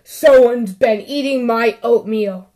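A woman voicing a big, gruff father bear who growls his lines. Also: a little high, slow, warm tone.

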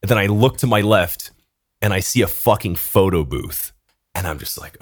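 A young man, a podcast co-host, telling an animated story in casual chat, swearing often and laughing between lines. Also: lowish voice, fast talker, no room sound, studio quality.

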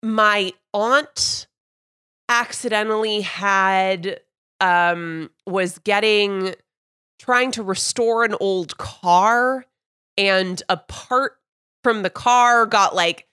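Woman, podcast host, chatty and rambling, mid pitch, dry close sound. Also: very slow, bright, forceful tone, clean tone, no echo. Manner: chatty, rambling anecdotes with fillers. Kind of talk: casual sports chat.

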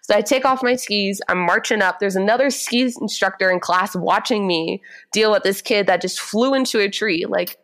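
A woman in her twenties, a podcast guest, telling a story in a chatty, animated way with a gentle voice. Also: medium pitch, normal speed. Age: 20s. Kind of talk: casual chat, storytelling.

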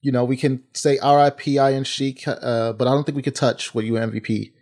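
A man's voice: medium pitch, fairly even intonation, fairly quick, darkish tone. A man co-hosting a podcast from a remote home studio, explaining things in easygoing casual chat. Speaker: podcast co-host.

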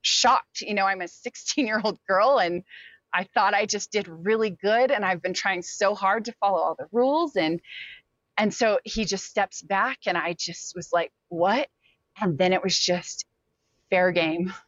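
A woman's voice: medium pitch, moderate pace, fairly bright tone, no echo. Candid woman telling her story, lo-fi. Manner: candid, with many fillers and quoted asides. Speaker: interview guest. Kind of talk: personal storytelling in an interview. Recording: dull, lo-fi sound.

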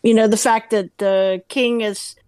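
A woman's voice: fairly high pitch, fairly even intonation, a little slow, darkish tone, clean tone. A woman in a casual chat, adding wry asides.

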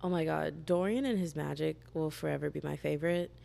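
A young woman talks through a book series in a casual, gushing vlog, full of asides and "like". Her voice sits low for a woman and has a gravelly fry running through it. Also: fairly quick. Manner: animated, gushing, chatty with lots of "like". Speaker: book vlogger. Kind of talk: casual book review chat.

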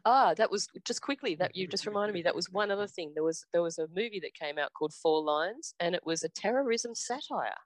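Lower-voiced Australian woman co-host. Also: animated, dry recording, poor audio. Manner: chatty, laughs often, quick asides. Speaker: podcast co-host. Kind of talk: casual chat.

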